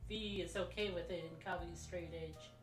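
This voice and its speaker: A woman's voice: on the low side, steady tone, moderate pace, over music. Upbeat woman in an echoey room. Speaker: co-player. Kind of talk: casual gaming chat.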